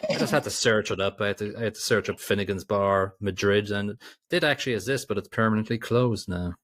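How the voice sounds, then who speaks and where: A man's voice: fairly low pitch, quick pace, a bit bright, no room sound, clean studio sound. A man co-hosting a podcast, chatting casually about a film with rambling restarts and asides. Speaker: podcast co-host. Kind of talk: casual film review chat.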